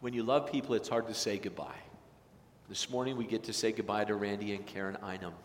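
A male pastor preaching a sermon, rising to loud emphatic peaks and dropping to hushed, slow phrases. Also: fairly low pitch, echoey room, long reverb tail, a little hiss or hum. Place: church sanctuary.

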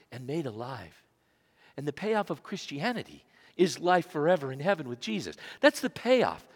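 Male pastor delivering a dramatic sermon with sharp dynamic swings, in a church with long reverb. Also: on the high side, breathy edge. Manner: dramatic swings from loud emphasis to hushed whispers. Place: church sanctuary.

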